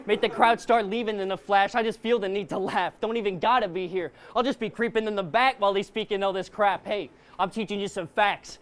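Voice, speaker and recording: A man's voice: high voice, steady tone, a little fast, hardly any pauses, a bit bright. A man performing a live battle rap verse, aggressive and taunting, firing punchlines at his opponent. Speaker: battle rapper. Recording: live crowd noise around. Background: crowd.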